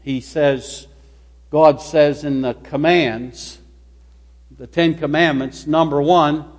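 A pastor in a church sanctuary delivers a sermon with a high, light man's voice. He speaks slowly and deliberately, leaning hard on single words. A long reverb tail from the hall hangs after each phrase. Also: steady tone. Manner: slow, emphatic preaching, stressing single words.

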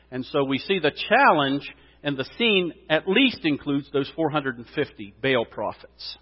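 A man preaching in a church, slightly higher-voiced than most men, and he swings from quiet asides to loud, rising exclamations. His voice rings with a long hall reverb, and the sound is a little dull. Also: animated, unhurried, slightly rough. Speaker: pastor. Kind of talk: sermon.

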